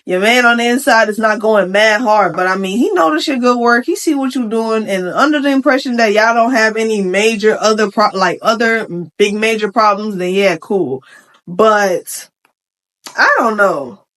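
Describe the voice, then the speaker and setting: A young adult woman giving casual commentary on a Reddit post, chatty and slangy, with frank opinions and quick asides. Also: medium pitch, fairly bright tone. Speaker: vlogger reacting to a Reddit post.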